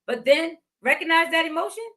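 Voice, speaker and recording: A woman's voice: extremely high pitch, lively intonation, a little fast, bright, forceful tone. A woman in her fifties hosting a podcast, giving heartfelt motivational faith talk and repeating phrases for emphasis. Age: 50s. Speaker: podcast host.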